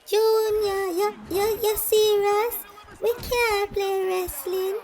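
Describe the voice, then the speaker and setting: A performer voicing a nervous young female babysitter with a Jamaican accent in a cartoon, high and fretful. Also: flat delivery, slow pace, darkish tone, soft background music, heavily acted.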